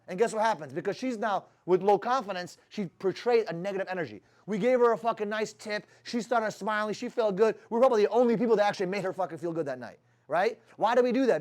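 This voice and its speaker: A man's voice: sits high, darkish tone. A man leading his sales team in a motivational talk, blunt and profane, firing rhetorical questions at the room.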